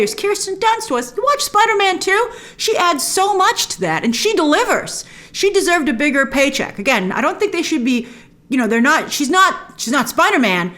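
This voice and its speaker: Woman host rambling thru a trailer breakdown, opinionated, super lively pitch. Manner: chatty and opinionated, with excited asides.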